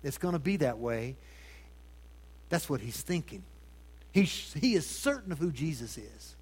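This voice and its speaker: Male pastor mid-sermon, dramatic shifts from booming emphasis to near-whisper. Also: very animated, unhurried, slightly rough. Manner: dramatic swings between loud emphasis and hushed tones; addresses congregation with rhetorical questions. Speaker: preacher.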